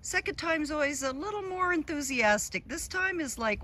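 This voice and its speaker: A woman's voice: high voice, animated, normal speed, few pauses. A woman dog breeder outdoors at her kennel, cooing baby talk to her puppies in between telling viewers about them. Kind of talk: casual outdoor video with puppies. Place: outdoors at a kennel on a hot day. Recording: loud background noise outdoors.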